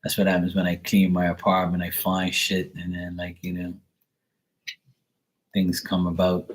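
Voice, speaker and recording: Blunt low-voiced tarot reader. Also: male voice, monotone, normal speed. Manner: blunt, profane, rambling storyteller. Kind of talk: casual live stream chat.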